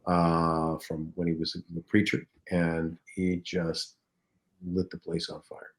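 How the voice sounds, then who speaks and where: A man, a comedian and voice actor, telling anecdotes as a guest in a casual interview, lively and animated. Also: low voice, slow pace.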